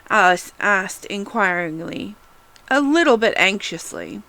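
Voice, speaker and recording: Expressive woman reading a storybook. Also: a little high, normal speed, low-quality recording. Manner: expressive, with small restarts. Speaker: reader. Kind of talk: storybook read-aloud.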